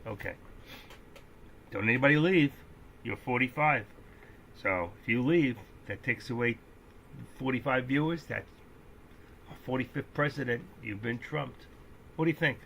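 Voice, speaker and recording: Man, gravelly voice, bright tone, trading live stream, jokey, rambling. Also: medium pitch, a little slow, long pauses, highs cut off, a little hiss or hum. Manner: joking, rambling, with excitable outbursts. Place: indoors at home, seated.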